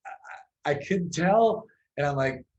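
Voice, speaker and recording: A man's voice: fairly high pitch, expressive, measured pace, darkish tone, muffled recording. A man, a musician guest in an interview, telling a story in a loose, casual way with many fillers and restarts.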